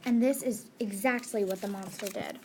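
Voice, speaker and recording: A woman reading a story aloud as one of several narrators, steady with small slips. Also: medium pitch, moderate pace. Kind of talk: group read-aloud narration. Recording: loud crowd noise behind.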